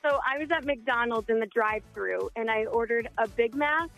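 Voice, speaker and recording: Female caller, slightly high voice, plain matter-of-fact telling. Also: normal speed, fairly bright tone, soft background music, poor audio. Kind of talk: telling a story on a radio call-in.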